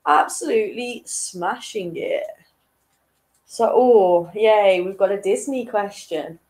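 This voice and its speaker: A woman's voice: medium pitch, lively intonation, takes it slowly, darkish tone, poor audio. A young woman hosting an online quiz in a chatty, casual way, chuckling between questions. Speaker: quiz host.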